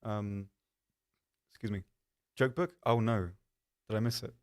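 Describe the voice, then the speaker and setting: A man's voice: on the low side, steady tone, a little slow. A man hosting a live stream, chatting casually in a rambling, self-deprecating way with lots of ums. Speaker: stream host.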